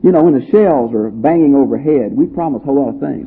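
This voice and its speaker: A man's voice: mid-range voice, animated, fast, hardly any pauses, breathy edge. A man teaching a Bible study in a homespun, conversational way, reading verses aloud and then explaining them. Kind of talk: folksy Bible study lecture. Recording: tinny phone-like audio.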